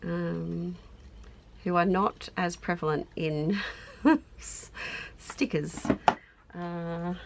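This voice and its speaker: Unhurried Australian crafter, middle-aged, gravelly tone, chatty and self-amused as she thinks aloud. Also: fairly low pitch, slight background noise. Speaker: craft YouTuber. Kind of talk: casual crafting narration.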